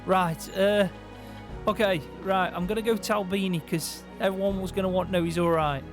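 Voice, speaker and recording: Here a young man chats in a game roleplay, his voice sitting high for a man. He sounds friendly and cheery, with soft music playing behind him. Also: fairly even intonation, moderate pace. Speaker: roleplay player. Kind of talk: casual in-character roleplay chat.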